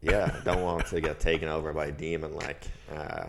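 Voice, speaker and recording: A man's voice: a bass voice, little pitch movement, a little fast, fairly bright tone. A man co-hosting a podcast in casual chat. He is easygoing and keeps agreeing with "yeah, yeah.". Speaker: podcast co-host.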